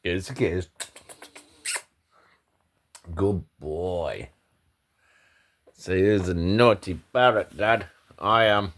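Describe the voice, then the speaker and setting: A man's voice: deep voice, extremely slow, pauses often, a bit bright, a little hiss or hum. A man talking to his pet bird at home, teasing and scolding it and swearing casually. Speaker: pet owner vlogger. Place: indoors at home. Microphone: phone camera held close.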